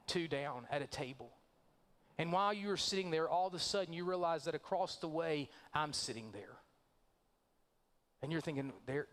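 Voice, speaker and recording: A male pastor delivering a sermon in a church, his voice sitting a little higher than most men's. He tells a long story and acts out the lines of each character, shifting his delivery for each one. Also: a bit bright. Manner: storytelling, acting out quoted voices. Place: church sanctuary.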